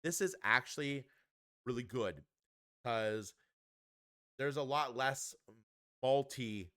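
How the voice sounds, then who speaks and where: A man's voice: medium pitch, takes it slowly, pushed and bright, dry recording, clean studio sound. A man giving a casual, upbeat card game review, chatty and full of ums and restarts.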